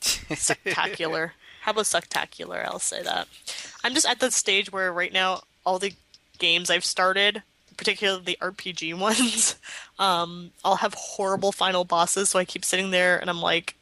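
A young woman chats casually as a podcast co-host, rambling and laughing as she grumbles with mock drama. Her voice sits a little low but comes through bright and sharp. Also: steady tone, moderate pace, low-quality recording. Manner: chatty, rambling, laughs often, dramatic complaints. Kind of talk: casual chat.

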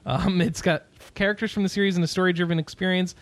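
A man hosting a casual podcast, chatty and quick to laugh while he runs through news items. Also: high-pitched, steady tone, dry recording. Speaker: podcast host.

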